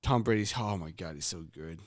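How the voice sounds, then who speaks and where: A man co-hosting a podcast, doing crude comedic rants that get loud and jumpy. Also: sits low, a little fast, dry recording, clean studio sound. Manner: excitable, profane, voice jumping up when ranting. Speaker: podcast co-host. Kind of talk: crude comedic improv rant.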